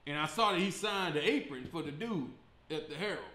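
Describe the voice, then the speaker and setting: A man from Chicago hosting his comedy show, talking in an animated, profane style and laughing often. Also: fairly high pitch, a little fast, roomy sound. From Chicago, USA. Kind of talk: casual comedic monologue.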